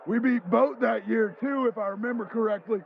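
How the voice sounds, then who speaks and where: A man doing a blunt, bossy old ball coach in a comedy sketch, his high voice barking out short dismissals. It sounds squeezed through a narrow, phone-like line with faint hiss. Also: steady tone, a little fast, vocal fry. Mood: curt. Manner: curt, dismissive, barking orders. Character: gruff older male football coach, blunt war veteran.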